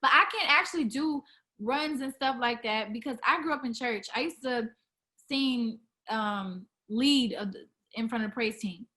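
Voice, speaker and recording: A woman's voice: on the high side, moderate pace, bright, forceful tone. A young woman who sings R&B, chatting casually in an interview, full of fillers and restarts. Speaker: R&B singer, interview guest.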